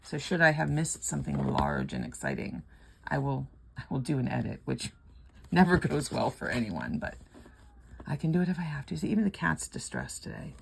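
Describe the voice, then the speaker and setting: A woman's voice: rumbling low, huge pitch swings, moderate pace, vocal fry, breathy edge. An older woman chatting casually and rambling at home while scratching lottery tickets, laughing often.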